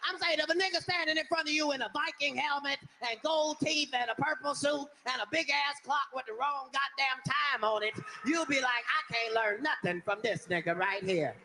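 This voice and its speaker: A man performing a stand-up comedy routine, telling a profane, animated story on stage. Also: very high voice, normal speed, hardly any pauses, in a large hall, slight background noise.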